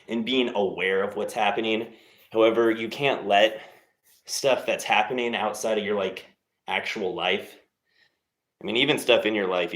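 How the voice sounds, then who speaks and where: A man's voice: lowish voice, fairly bright tone. A young man hosting a live stream, chatting casually between workout sets and teasing his viewers in a laid-back, motivational way. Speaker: livestream host.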